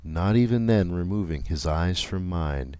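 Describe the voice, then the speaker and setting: Man reading an old ghost story audiobook, real deep voice, slow and careful, dry close sound. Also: lively intonation, warm tone, smooth, no room sound. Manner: measured and deliberate. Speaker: audiobook narrator. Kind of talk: scripted audiobook narration.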